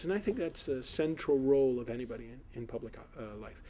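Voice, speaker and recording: A man's voice: mid-range voice, lively intonation, fast talker, dark tone, slight background noise. A middle-aged man from South Florida, a political candidate answering questions in an editorial board interview, rambling with many fillers and restarts.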